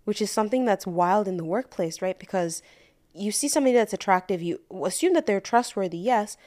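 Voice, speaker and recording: Young woman, podcast co-host, casual chat, candid, fillers, mid-pitched. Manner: candid, frank and profane, many fillers.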